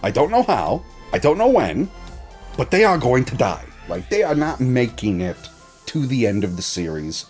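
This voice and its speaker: Animated, foul-mouthed male TV recapper. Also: medium pitch, moderate pace, faint music behind. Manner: profane, mocking and animated. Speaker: TV reaction reviewer. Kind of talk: casual episode recap.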